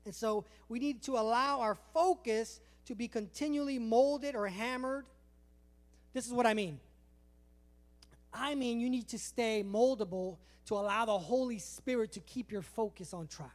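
A man preaching a sermon, animated and storytelling, acting out little dialogues. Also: very high voice, normal speed. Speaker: pastor.

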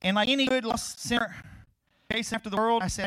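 High-voiced fast-talking man preaching. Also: lively intonation, vocal fry, no room sound, poor audio. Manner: swings from loud preaching to quiet asides; storytelling with humor and laughs. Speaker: pastor. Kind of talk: sermon.

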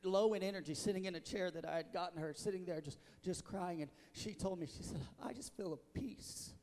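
A man's voice: sits high, fairly even intonation, quick pace, a little mellow. A man preaching a sermon as pastor in a church, emotional and stammering with many restarts. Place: church sanctuary. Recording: long reverb of a church hall.

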